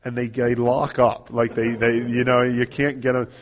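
A man's voice: medium pitch, level tone, normal speed. A man teaching how to share a gospel tract, earnestly reading scripture passages aloud and explaining each step. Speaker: evangelism trainer. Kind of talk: instructional talk walking through a gospel tract.

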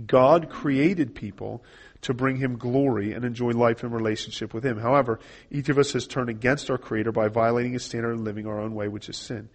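A man's voice: medium pitch, fairly even intonation, brisk. A man teaching how to share a gospel tract, earnestly reading scripture passages aloud and explaining each step. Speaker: evangelism trainer. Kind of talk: instructional talk walking through a gospel tract.

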